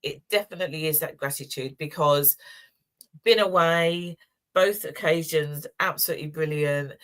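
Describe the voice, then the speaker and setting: A woman co-hosts a weekly community show. Her voice sits low and she tells personal stories warmly, often close to tears or laughing. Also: moderate pace. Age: 60s. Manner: warm, emotional storytelling with laughs. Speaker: co-host. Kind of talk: casual chat.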